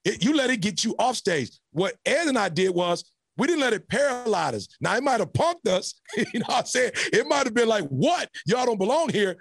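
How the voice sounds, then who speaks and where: A man telling a story as a podcast guest with preacher-like energy, building to shouts and laughing often. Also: high voice, very animated, fairly quick, gravelly. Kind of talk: animated motivational storytelling.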